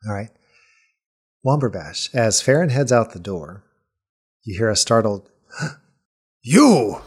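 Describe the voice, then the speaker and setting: A man's voice: lowish voice, expressive, unhurried, husky. A man narrating as game master of a tabletop game, descriptive and laughing often.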